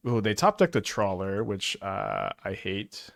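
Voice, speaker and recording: A man's voice: on the low side, big pitch swings, measured pace, vocal fry, fairly bright tone, no room sound, clean studio sound. A man giving casual live commentary while playing a card game, stuttering and restarting often as he thinks aloud. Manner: stutters, many restarts and fillers.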